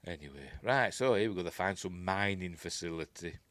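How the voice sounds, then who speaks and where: A man's voice: deep voice, animated, a little fast, fairly bright tone, dry recording. A man with a Yorkshire accent hosting a casual film commentary, rambling and chuckling as he corrects himself. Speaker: host.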